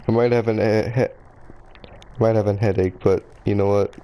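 Low, mellow-voiced rambling male streamer. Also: slight background noise, low-quality recording. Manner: rambling, chatty, self-deprecating. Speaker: game streamer. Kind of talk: casual live game streaming.

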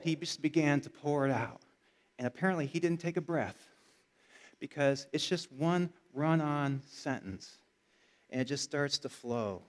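Middle-aged pastor, fairly high voice, chatty sermon delivery with bursts of punch. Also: male voice. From Michigan. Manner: conversational storytelling, builds to energetic emphasis.

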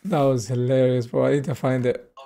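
A man hosting a casual livestream chat, excitable and repetitive, often laughing and calling his friend bro. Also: medium pitch, a little fast, gravelly, slight background noise. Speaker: livestream host.

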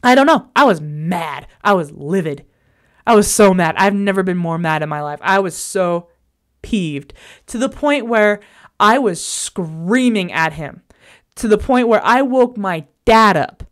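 A woman vlogger telling a personal story in an emphatic, exasperated way, recorded in a bedroom at home. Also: fairly low pitch.

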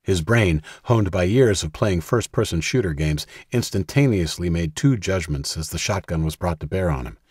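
A man reading a thriller audiobook in steady, measured scripted narration. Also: sits low, husky, no echo, studio quality.

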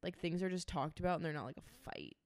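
A young woman with a lowish voice chats casually on a podcast, leaning on "like" as she talks. The sound is close and dry, with no room echo. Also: fast talker. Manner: relaxed, filler-heavy speech with many "like"s. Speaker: podcast co-host. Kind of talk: casual chat.

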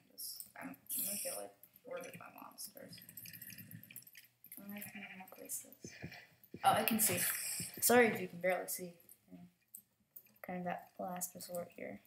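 A young woman hosting casual let's-play commentary, excitable, yelping and laughing whenever danger appears. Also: on the low side, a little slow, vocal fry, pauses often, echoey room, noisy background. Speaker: gaming channel host.

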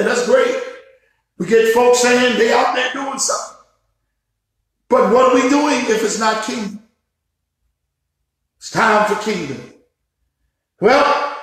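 A bishop preaching a sermon, rising to shouts in a preaching cadence. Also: male voice, high-pitched. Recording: very echoey room.

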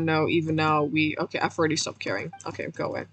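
A woman streaming a game, her voice going hoarse, rambling in a self-mocking way, cracking puns and laughing at herself. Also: sits low, brisk, dry recording. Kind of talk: casual let's-play commentary.

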